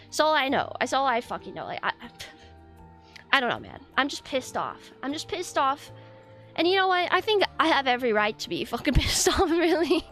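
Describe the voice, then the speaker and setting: A woman's voice: high voice, sing-song, a little fast, a bit bright, soft background music. A woman streamer venting in a casual, frustrated rant, swearing often and rambling with lots of fillers.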